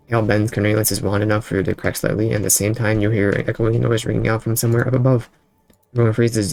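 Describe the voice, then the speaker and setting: Low gravelly man reading game dialogue. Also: flat delivery, fast talker, a little mellow, a little hiss or hum. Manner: reads every character's lines in his own voice, casual asides. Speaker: streamer. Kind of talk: reading a text game aloud, live stream.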